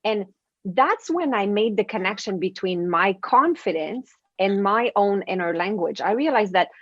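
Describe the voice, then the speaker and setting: Guest coach, woman, animated storyteller, muffled lo-fi line, dry. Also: mid-range voice, normal speed, no echo. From French-speaking. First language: French. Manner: lively storytelling, acts out inner voices. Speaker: guest, confidence coach and author. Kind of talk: radio interview.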